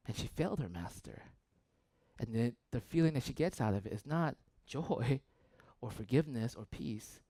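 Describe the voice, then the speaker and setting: A pastor recounts a story during his sermon in a mid-range voice with vocal fry, often tossing in "right?" His delivery jumps between loud bursts and quiet near-whispers, captured in a dry recording.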